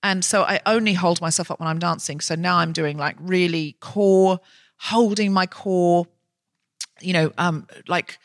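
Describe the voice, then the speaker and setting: A woman's voice: on the low side, fairly even intonation, unhurried, no echo, clean studio sound. Chatty self-mocking woman host. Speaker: podcast host. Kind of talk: casual comic chat. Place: live show on stage.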